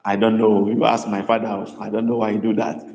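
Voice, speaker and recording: A man teaching a live online language class, patiently repeating phrases slowly for his students. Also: lowish voice, little pitch movement, creaky, a little mellow, highs cut off. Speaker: Igbo language tutor. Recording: echoey room with long reverb.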